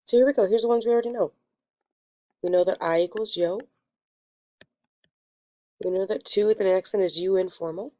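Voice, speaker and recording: A woman teaching a Spanish lesson, explaining step by step in a patient way and quickly correcting her own slips. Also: medium pitch, a little mellow, lo-fi sound. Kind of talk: recorded classroom lesson.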